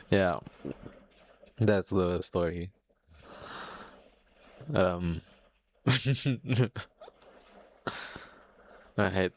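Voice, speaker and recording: A man's voice: sits low, extremely slow, pauses often. A young man hosting a podcast, telling a rambling, profane school story in a casual monologue and laughing often. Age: young adult. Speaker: podcast host.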